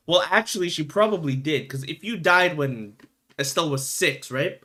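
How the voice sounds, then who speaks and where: A man's voice: a little high, animated, moderate pace, sharp tone. A young man streaming a game, reacting emotionally, stammering and swearing as he comments. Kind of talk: let's play commentary.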